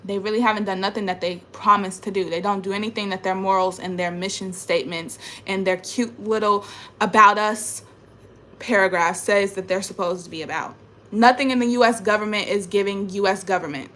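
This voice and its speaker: A woman's voice: medium pitch, steady tone, a little fast, pushed and bright. A young adult woman vlogging from home into a phone camera, talking in an emphatic, repetitive, frustrated rant about spiritual matters. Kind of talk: ranting spiritual vlog monologue. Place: at home indoors.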